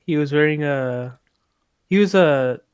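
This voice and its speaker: A young man telling a work story on a podcast, animated, laughing mid-sentence and swearing freely. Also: on the high side, measured pace, clean tone. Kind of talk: casual chat.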